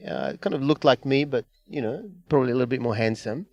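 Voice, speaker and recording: A middle-aged man, a comedian telling stories in a casual chat, animated and self-mocking, acting out the people he quotes. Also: medium pitch, fast, creaky. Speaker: comedian guest.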